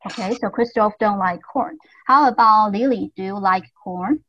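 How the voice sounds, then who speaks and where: A woman teaching English to young learners over a video call, speaking slowly and patiently with lots of encouragement and careful repetition. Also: mid-range voice, no echo, muffled recording. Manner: patient, slow and encouraging, repeats words carefully. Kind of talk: online class drills.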